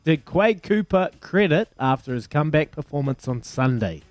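Chummy New radio quiz host. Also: male voice, on the high side, very animated, a little hiss or hum. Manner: brisk, jokey, chummy with callers. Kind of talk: upbeat live radio banter. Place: radio studio.

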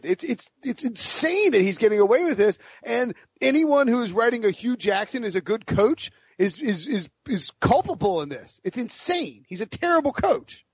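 A man's voice: sits high, sing-song, normal speed, few pauses, slightly rough, no room sound. A man hosting a sports podcast, ranting in a fired-up, casual way about football picks. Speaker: podcast host. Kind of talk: casual sports betting talk. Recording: dull lo-fi audio.

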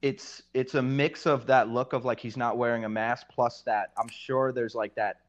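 A man in casual podcast chat, telling excitable, profane stories. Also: medium pitch, normal speed, muffled recording.

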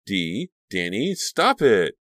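A man's voice: mid-range voice, very animated, normal speed, no room sound, clean studio sound, pitched above the performer's own voice. A man voicing a caring, worried teenage girl in an audiobook, speaking in a raised, anxious register. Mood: alarmed.

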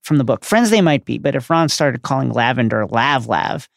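A man's voice: medium pitch, expressive, moderate pace, vocal fry, dry recording, clean studio sound. A man co-hosting a podcast, retelling book chapters in a jokey, casual way with slang. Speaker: podcast co-host. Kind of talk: casual book recap chat.

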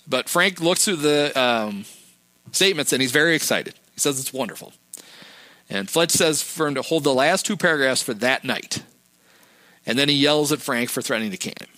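Bright-voiced man recapping a movie. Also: mid-range voice, expressive, moderate pace, no room sound. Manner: rambling retelling with fillers and acted quotes. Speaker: podcast host.

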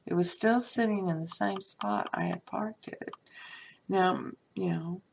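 A woman tells a long personal story in a loose, chatty way, dropping "you know" everywhere. Her voice sits fairly low and has a heavy gravelly fry, with faint noise behind her. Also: measured pace.

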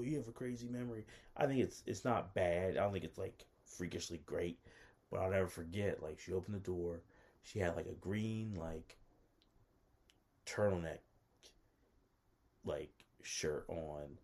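Deep-voiced man rambling through a story. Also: darkish tone. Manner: rambling, self-interrupting, lots of "like"; nervous, self-conscious. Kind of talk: casual personal anecdote.

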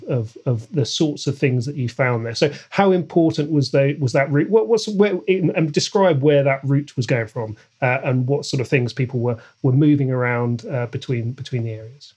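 Husky-voiced man asking questions haltingly. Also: medium pitch, darkish tone. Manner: hesitant, restarts and repeats words. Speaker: podcast host, interviewer. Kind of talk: podcast interview questions.

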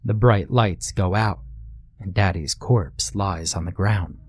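A man narrating a horror story in a slow, grim, dramatic way. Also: deep voice, breathy edge, no echo, clean studio sound.

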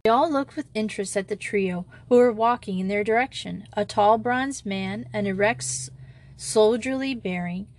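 A woman narrating a children's novel as an audiobook reader, giving the characters' lines small lifts in pitch. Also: normal speed.

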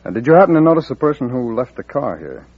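Fast-talking federal agent. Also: male voice, medium pitch, big pitch swings, darkish tone, husky. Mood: brisk. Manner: brisk, matter-of-fact. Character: brisk, businesslike male federal agent. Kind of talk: 1950s radio drama acting. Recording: lo-fi old radio recording.

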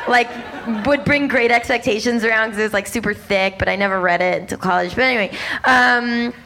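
Woman, young adult, stand-up comedian, high-pitched, animated storytelling, faint background noise. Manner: animated, swings into exaggerated character voices and squeals; rapid, breathless asides with lots of "like".

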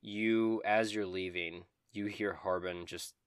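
Game master, male, low voice, dry close sound, steady narration. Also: takes it slowly, clean tone, no echo.

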